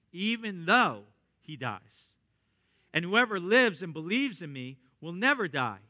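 A man preaching a sermon, reading scripture and speaking earnestly and with emphasis, sometimes dropping into quieter asides. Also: on the high side. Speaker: pastor.

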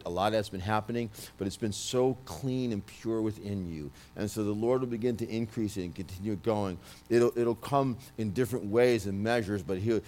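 Loud New York man giving a prophetic word. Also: on the low side. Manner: loud, emphatic, with many restarts. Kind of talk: prophetic ministry speech.

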